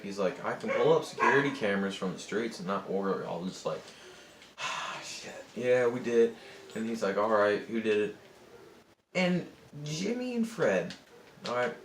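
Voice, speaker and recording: A man's voice: lowish voice, reverberant, slight background noise. A young man casually telling a rambling, profane story over gameplay, often cutting himself off. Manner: rambling, profane, self-interrupting. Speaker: gaming channel host. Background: other people in the house.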